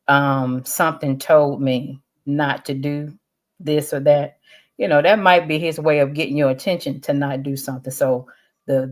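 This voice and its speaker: A speaker on a church discussion panel, earnest and measured, with frequent filler words. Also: medium pitch.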